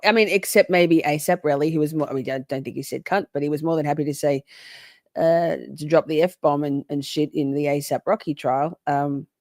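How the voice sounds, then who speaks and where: Woman commentator, low pitch, dry close sound, sarcastic and profane casual reaction talk. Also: a little mellow, no room sound. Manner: profane, sarcastic, laughing asides. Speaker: commentary streamer.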